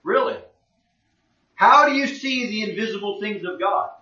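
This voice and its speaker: Male Bible teacher, high, bright, plain-spoken; roomy, distant, lo-fi sound. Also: normal speed. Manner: plain-spoken, asks rhetorical questions. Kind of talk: conversational sermon. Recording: echoey room, distant mic, dull lo-fi.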